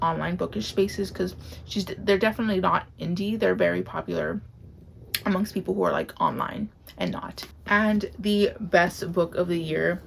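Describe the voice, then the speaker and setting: On camera at home, a woman with a creaky voice on the low side gushes over books in a casual vlog. She's emotional and near tears, using many "like" fillers.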